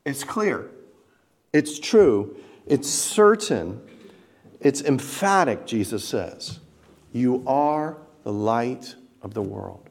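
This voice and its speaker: A pastor preaches a sermon in a slow, fairly high male voice with wide swings in pitch. He speaks emphatically and directly, putting rhetorical questions to the congregation and building up to loud, repeated stresses.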